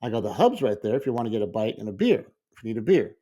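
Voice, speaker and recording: A man's voice: fairly low pitch, big pitch swings, racing, dark tone. A middle-aged man telling a rambling story in casual podcast chat, acting out the quotes. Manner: rambling, repeats words, acts out quotes. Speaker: podcast co-host.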